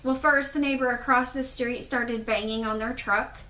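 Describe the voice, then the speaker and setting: A woman's voice: on the high side, steady tone, moderate pace, sharp tone, echoey room. A young woman hosting her podcast in a casual chat, a little stuffy from allergies, rambling with fillers. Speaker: podcast host.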